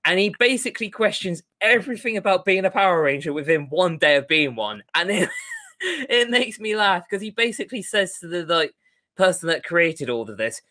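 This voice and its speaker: Man, casual podcast co-host, animated storyteller, bright tense voice. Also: sits high, normal speed. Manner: animated, retells scenes with put-on quotes. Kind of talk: casual chat.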